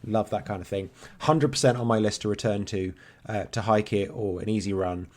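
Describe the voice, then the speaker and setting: Male co-host, 30s, lowish voice, talks fast, rambling and sweary. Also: steady tone, a little mellow. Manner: swears freely, chatty and rambling. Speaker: podcast co-host. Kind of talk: casual chat.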